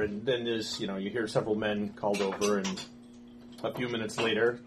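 A man narrating a tabletop game as game master, halting, with many fillers and restarts. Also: on the low side, flat delivery, slight background noise.

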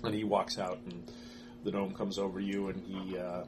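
Relaxed game master, faint hiss. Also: male voice, low voice, moderate pace. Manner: relaxed, hesitant, many fillers. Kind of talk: narrating a tabletop game.

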